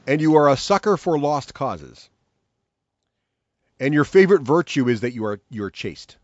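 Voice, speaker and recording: A man's voice: medium pitch, very animated, normal speed, no echo, muffled recording. A man hosting a podcast and running an improv role-play game, enthusiastic and laughing as he thinks aloud. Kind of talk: casual podcast chat.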